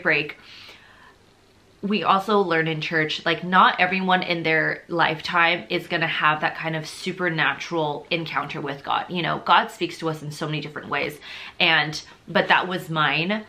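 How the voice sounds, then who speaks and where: A young woman shares her faith testimony in a low yet bright, forceful voice. She talks casually and rambles, leaning on "like" and "you know", and is openly emotional and confessional. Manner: chatty and rambling, heavy on fillers like "like" and "you know".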